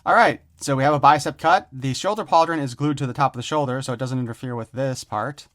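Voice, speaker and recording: A man's voice: mid-range voice, quick pace, a bit bright. A man giving a casual, rambling toy unboxing review, joking around and swearing offhandedly.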